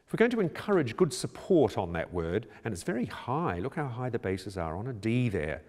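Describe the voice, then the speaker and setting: A man working as a choir director, calmly explaining how to prepare a choral score in a measured, instructional way. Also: mid-range voice. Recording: reverberant room with long echo.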